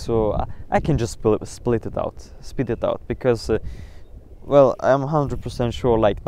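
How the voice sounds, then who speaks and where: A man's voice: mid-range voice, a little mellow. A young man podcasting on his phone outdoors, ranting and swearing in a casual monologue full of fillers. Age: young adult. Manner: ranting, profane, many fillers. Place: outdoors near water. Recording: outdoor phone recording with clear background noise.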